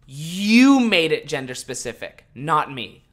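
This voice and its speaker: A young man hosting a podcast, ranting casually and swearing a lot, swinging from mumbled asides to loud exasperated outbursts. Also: medium pitch, expressive, normal speed. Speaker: podcast host.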